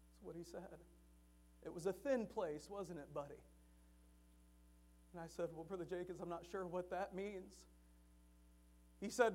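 Tenor-range male preacher for a chapel sermon, moves from quiet storytelling to loud, fervent emphasis. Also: sits high, normal speed, long pauses.

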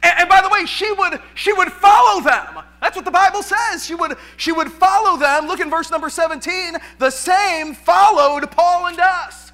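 Male pastor, animated sermon, very high pitch, stammering repeats, church. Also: moderate pace, few pauses. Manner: animated, repeats words, laughs often.

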